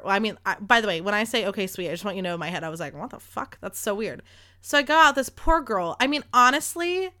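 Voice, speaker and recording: A woman's voice: fairly high pitch, bright, forceful tone, dry recording, clean studio sound. A woman in her thirties hosting a podcast, telling a rambling casual story with lots of "like" and free swearing. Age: 30s. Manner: chatty, rambling, swears freely, heavy use of "like". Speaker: podcast host.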